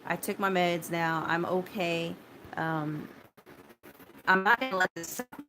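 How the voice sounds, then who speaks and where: Woman, lowish voice, halting, repeats herself, swears bluntly, faint background hiss. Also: steady tone, sharp tone. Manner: halting and repetitive, many restarts and fillers, blunt swearing; shaken but steadying, talking straight to viewers. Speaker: vlogger recounting a personal ordeal. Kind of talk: casual spoken personal story.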